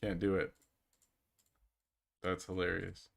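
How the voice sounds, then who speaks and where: Low-voiced young man streaming, laughing a lot. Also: completely flat delivery, takes it slowly, vocal fry, a bit bright. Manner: laughing, rambling, self-deprecating. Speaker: game streamer. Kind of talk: casual live-stream chat.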